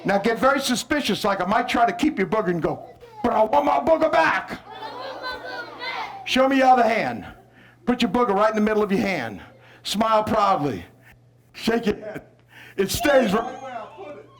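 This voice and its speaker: A man's voice: high-pitched, big pitch swings, a little fast, long pauses, fairly bright tone, a faint crowd. A man from New Orleans, a visiting poet, performing his poems theatrically and cueing the audience to repeat lines. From New Orleans, United States. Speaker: visiting poet leading children and adults. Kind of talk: call-and-response poetry performance. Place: school hall with a live audience. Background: faint audience voices repeating lines.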